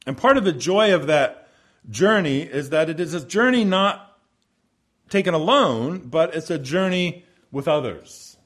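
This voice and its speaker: A man preaching a sermon in an earnest, measured cadence, slowing for emphasis and reading scripture aloud. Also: on the high side, lively intonation, a bit bright. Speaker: pastor.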